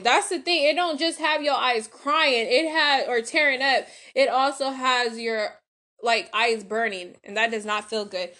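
A woman's voice: on the high side, measured pace, pushed and bright. A woman hosting a podcast, chatting casually to her listeners while she cooks. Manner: chatty, addresses listeners as y'all. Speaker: podcast host. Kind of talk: casual chat while cooking.

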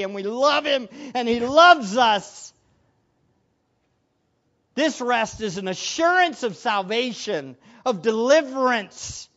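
Pastor guy preaching slow, gets loud then goes real quiet, laughs a lot, asks the listeners stuff, kinda muffled lo-fi sound. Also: extremely high pitch. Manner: swings from loud excited exclamations to hushed whispered prayer. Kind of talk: sermon.

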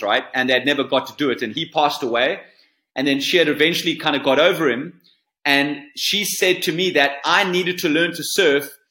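Earnest man telling a story, bright voice. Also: a little high. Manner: earnest, repeats words as he searches for them. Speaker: surf coach guest. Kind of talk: storytelling interview answer. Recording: roomy echo.

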